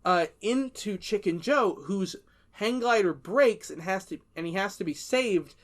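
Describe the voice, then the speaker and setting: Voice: mid-range voice, animated, a little slow. A young adult podcast co-host in casual chat, sarcastically recapping a movie and acting out the characters' lines.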